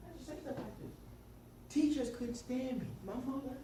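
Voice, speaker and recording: Lively male workshop coach in an echoey room. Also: moderate pace. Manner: lively storyteller, acts out quotes in high voices, sarcastic. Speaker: sales and life coach leading a workshop. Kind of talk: animated workshop talk to a small group. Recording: echoey room from far off, clear background noise.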